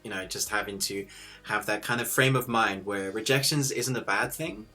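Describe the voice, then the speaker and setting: A man hosting an interview, asking halting questions with uh fillers. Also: on the low side, bright, forceful tone, faint music behind. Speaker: interview host.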